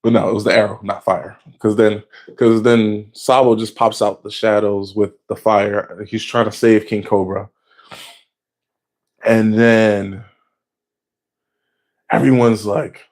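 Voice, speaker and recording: A man casually recapping anime episodes in a slangy, excitable way, swearing freely and jumping up in pitch when he gets worked up. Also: slow pace. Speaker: anime reaction vlogger.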